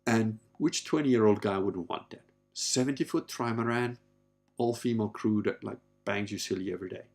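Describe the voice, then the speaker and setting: Gravelly low-voiced guy in his 50s, rambling and blunt, swears a lot. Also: normal speed, darkish tone. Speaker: podcast host. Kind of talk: casual personal monologue.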